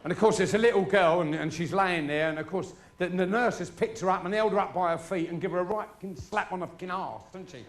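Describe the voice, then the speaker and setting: A man's voice: sits high, quick pace, hardly any pauses, background noise. A middle-aged man telling crude stories in a stand-up routine, swearing freely. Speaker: stand-up comedian. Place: live show before an audience.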